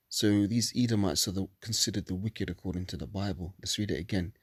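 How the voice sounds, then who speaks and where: A man with a lowish voice who reads old scripture solemnly, then turns to cursing, angry commentary. His voice is dry and close, with no room sound. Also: fairly even intonation, brisk, hardly any pauses, dry recording. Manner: solemn reading mixed with profane, angry asides. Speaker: religious commentator.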